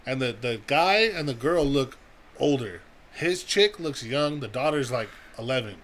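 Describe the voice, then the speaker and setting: A man's voice: mid-range voice, a little slow. A young man on a podcast telling a long, profane story and acting out everyone's lines. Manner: profane, animated storytelling with acted-out quotes. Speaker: podcast co-host. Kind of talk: casual storytelling.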